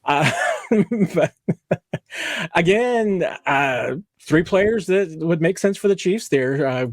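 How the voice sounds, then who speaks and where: A man's voice: fairly high pitch, lively intonation, slow pace, no room sound, studio quality. A man with an Ozarks accent hosting a casual sports podcast, in an easygoing, wry way. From Ozarks, Missouri. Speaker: podcast host.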